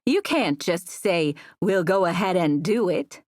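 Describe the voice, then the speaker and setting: A chatty older hostess who nudges and chides, as a woman puts her on. Her voice lifts a bit higher than the narration, recorded close and dry. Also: expressive, a little slow, a little mellow, dry recording. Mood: chiding. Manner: chatty, nudging.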